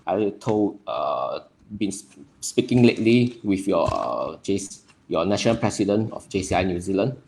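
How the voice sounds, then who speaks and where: A young man from Nepal, hosting a livestream and greeting viewers by name in a friendly, halting way full of fillers. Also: deep voice, big pitch swings, gravelly, darkish tone, slight background noise. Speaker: livestream host.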